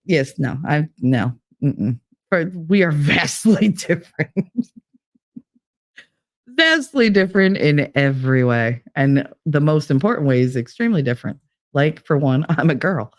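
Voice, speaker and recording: A woman's voice: sits low, sing-song, normal speed. A middle-aged woman chats loosely with her viewers, drifting from story to story. She laughs often and leans on fillers as she reads out the chat. She talks from a room with bare walls and no curtains. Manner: rambling and chatty, with frequent laughs and fillers. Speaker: live streamer reading chat. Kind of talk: casual live-stream chat.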